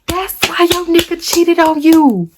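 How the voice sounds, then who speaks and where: A woman's voice: very high voice, unhurried, noisy background, voice pushed up. A woman mimicking a snide teenage girl. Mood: taunting. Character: sneering teenage girl taunting a rival.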